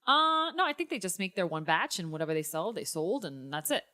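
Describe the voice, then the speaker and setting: A young woman hosting a casual podcast, telling a long story and swinging up into high, excited tones. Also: brisk. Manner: animated storyteller, jumps to high excited pitch. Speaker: podcast host.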